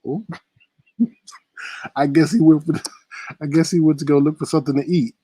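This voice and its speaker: A man hosting a casual commentary stream, chatty and laughing, with drawn-out exclamations. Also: mid-range voice, dark tone, slightly rough, no echo. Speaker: host.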